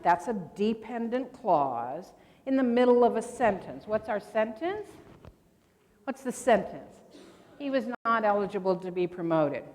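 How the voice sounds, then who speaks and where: A woman's voice: on the high side, darkish tone. Older woman quizzing a convention hall. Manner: chatty, quizzes the audience. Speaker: grammar presenter. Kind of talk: convention workshop talk. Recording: long hall reverb.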